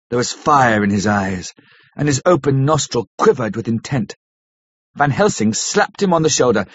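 A man narrating a classic novel as an audiobook in a measured, steady storytelling manner. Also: mid-range voice, slightly rough. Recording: dull lo-fi recording.

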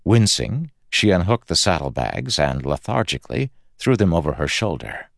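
A man reading a fantasy audiobook aloud in a measured, dramatic storytelling manner. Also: deep voice, very animated, creaky, no room sound, clean studio sound. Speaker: audiobook narrator. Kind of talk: scripted fantasy narration.

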